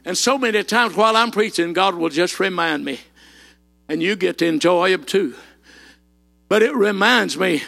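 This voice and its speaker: A man preaching a folksy sermon. His voice sits very high and sounds bright and cutting. He tells plain personal stories, then punches the big lines out in a shout. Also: vocal fry. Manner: folksy storytelling, rising into shouted emphasis.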